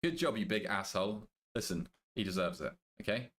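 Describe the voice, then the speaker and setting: A young British man streaming a game, chatting casually with his viewers, joking, swearing and thinking out loud. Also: lowish voice, lively intonation, a little fast. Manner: banters with chat, swears casually, thinks aloud. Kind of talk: casual live-stream chat.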